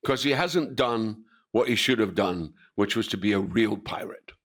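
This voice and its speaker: In a fairly low, fairly bright voice at a moderate pace, the older actor from Scotland tells stories during an interview. He swears without restraint and acts out the quoted voices in his anecdotes.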